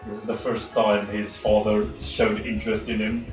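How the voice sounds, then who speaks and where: Low-voiced man running a tabletop game. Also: completely flat delivery, roomy sound, far from the mic, soft background music. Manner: halting, many fillers. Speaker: game master.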